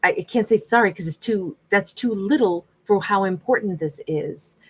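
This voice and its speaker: A woman doing a tarot reading in a sassy, animated way, acting out what the people in the cards might say. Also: mid-range voice, normal speed, husky, poor audio. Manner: sassy, animated, voices imagined quotes. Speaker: tarot reader.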